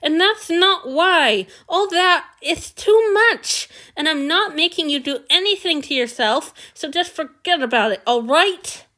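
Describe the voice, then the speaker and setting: A woman's voice: very high voice, expressive, measured pace, few pauses, pushed and bright, pitched above the performer's own voice, full character voice. A woman reading aloud, voicing an injured, guilt-ridden male lord with a lisp who speaks in frustration. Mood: frustrated. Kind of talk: audiobook reading.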